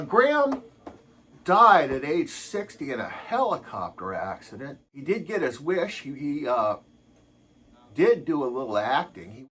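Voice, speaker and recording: Slow, halting male podcast host. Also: medium pitch, fairly bright tone, slightly rough. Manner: halting, filler-heavy. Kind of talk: casual show outro.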